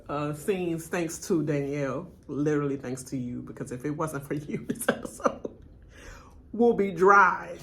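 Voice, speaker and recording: A woman giving a blunt, animated reaction rant, mimicking people as she retells scenes. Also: lowish voice, slight background noise. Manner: animated, blunt, quotes people in mock voices. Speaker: reaction channel host.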